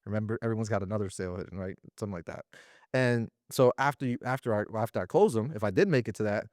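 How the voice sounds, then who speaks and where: A man talking as an interview guest about running a sales business, in slangy, animated casual speech. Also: on the low side, very fast, dry recording, clean studio sound. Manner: slangy and animated, often acting out little quoted exchanges.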